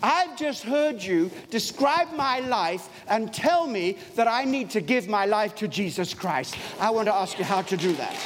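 A man's voice: high-pitched, very animated, measured pace, hardly any pauses, some chatter behind. A man acting out a villager who hears a stranger praying in his own village dialect and keeps pressing her with questions. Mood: eager. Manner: eager, insistent questioning. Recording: long hall reverb, faint noise.

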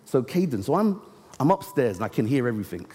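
A man preaching a sermon, telling a story and slowing down to stress key words. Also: mid-range voice, very animated, dark tone. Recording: long reverb of a large hall.

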